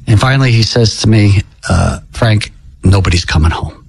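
An older American man telling a painful family story in an interview, halting and repeating words, his voice climbing when moved. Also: fairly low pitch, vocal fry, breathy edge, low-quality recording. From United States. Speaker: interview guest.

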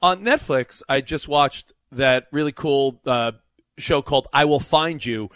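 A man's voice: medium pitch, unhurried, a bit bright, no echo, clean studio sound. A man co-hosting a sports radio show, telling stories in chatty, stumbling banter. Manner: chatty storyteller, stumbling restarts.

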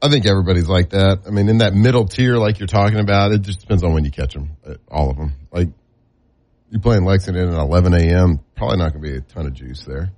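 A man co-hosting a sports radio show, bantering casually and reading ads with wry, drawn-out delivery. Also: low voice, darkish tone, dry recording.

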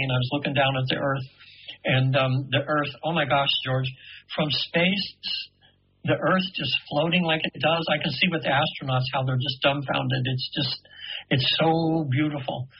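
A man in his seventies, a radio guest telling an earnest, meandering story full of halting restarts. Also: mid-range voice, husky, lo-fi sound. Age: 70s.

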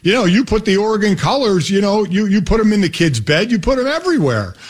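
A middle-aged father tells family stories on a radio sports show. His voice sits high for a man. He rambles, corrects himself mid-sentence and chuckles along the way. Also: big pitch swings, fast, breathy edge. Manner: rambling, self-correcting, laughing storyteller. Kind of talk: casual storytelling chat.

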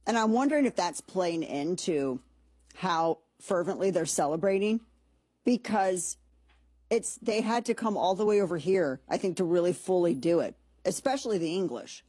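A woman's voice: fairly low pitch, animated, normal speed, dark tone, slightly rough, no echo. A woman hosting a commentary show, talking in a chatty, sarcastic, rambling way with lots of asides. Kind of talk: casual monologue commentary.

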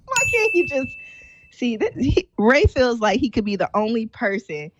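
A woman co-hosting a casual chat show, animated and laughing often as she recaps for viewers. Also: sits high, a little slow, background noise. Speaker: co-host. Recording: slightly dull lo-fi sound.

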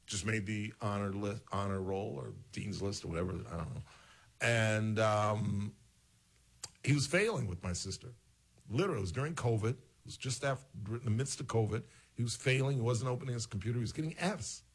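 Brisk and husky, his voice sitting on the low side, a male show host spins meandering personal anecdotes in relaxed chat. He drifts from point to point and voices the quoted exchanges himself, radio style.

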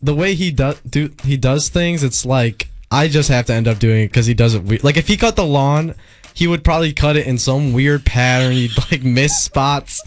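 A man's voice: medium pitch, normal speed. A young man of eighteen talking on a radio show, chatty and defensive, laughing as he explains himself. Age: young adult. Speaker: caller. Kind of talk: casual chat.

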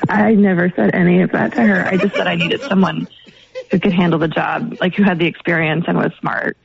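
A woman's voice: fairly low pitch, steady tone, a little fast, vocal fry, a crowd in the background. A woman on a phone call, puzzled and polite, growing impatient. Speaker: prank call target. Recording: muffled phone call on radio.

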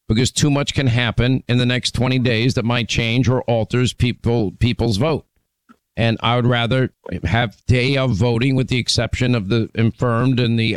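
Male talk radio host, smooth clear voice, dry close sound, emphatic, lists points, restarts often. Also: medium pitch, no room sound.

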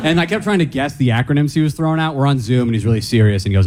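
A man's voice: mid-range voice, racing, few pauses, darkish tone. A man doing a stand-up comedy bit, telling a story with laughs and acted-out voices.

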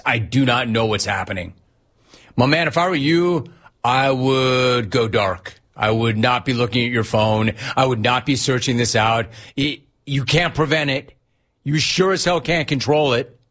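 A man's voice: mid-range voice, fairly bright tone. A middle-aged man hosting a sports talk radio show, delivering a brash, punchy monologue. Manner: brash, punchy, mocking quotes in a whiny voice.

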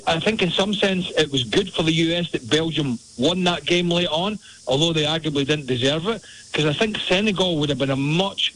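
A man breaks down soccer matches with blunt, frank opinions. His voice sits a bit high for a man and comes through a radio call-in line. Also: a bit bright, low-quality recording. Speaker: soccer analyst. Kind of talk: radio sports analysis.

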